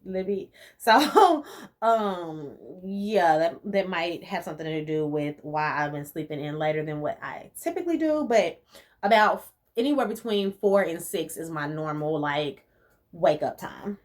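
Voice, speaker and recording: A young woman from the rural US chats casually as a vlogger, answering questions from viewers. She's animated, laughs a lot, and uses relaxed slang, with a lowish voice and an unhurried pace.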